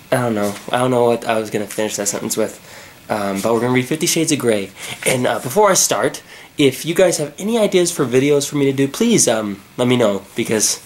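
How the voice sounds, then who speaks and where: A man's voice: mid-range voice, slight background noise. A man doing a mocking dramatic reading of a novel, with sarcastic, rambling asides. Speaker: YouTuber. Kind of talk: mock dramatic reading with commentary.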